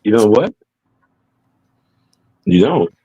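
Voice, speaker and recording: A man's voice: on the low side, sing-song, slow pace, dark tone, breathy edge, dull audio. A man hosting a casual talk show, teasing his guests and dropping short humming replies. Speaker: podcast host. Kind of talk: casual chat.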